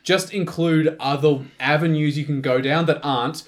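A man co-hosting a casual podcast, talking in a relaxed, enthusiastic way. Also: on the high side, normal speed. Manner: relaxed, enthusiastic, laughs easily. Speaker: podcast co-host. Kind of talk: casual chat about card games.

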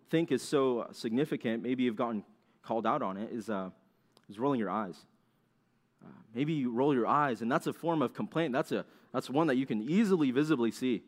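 A young man preaches in a relaxed, conversational way and keeps asking his listeners questions. Now and then he slips into quick complaining voices to act out everyday moments. His voice sits at a middle pitch. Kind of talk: sermon.

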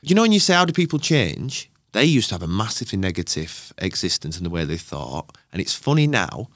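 Male podcast guest, low lively voice, animated storyteller. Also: fairly quick, no room sound, clean studio sound. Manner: animated storyteller, acts out quoted exchanges. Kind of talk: casual podcast conversation.

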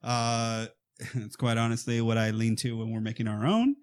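A man chatting casually about a horror comedy, retelling scenes with lively acted-out quotes and frequent fillers. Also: mid-range voice, moderate pace, clear, resonant tone. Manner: animated storytelling, acts out quotes. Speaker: podcast co-host. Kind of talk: casual movie chat.

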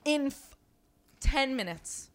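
Female podcast co-host with a sharp, bright voice, blunt and crude. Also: sits high, expressive, takes it slowly. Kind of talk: casual chat. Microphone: studio mic with headphones.

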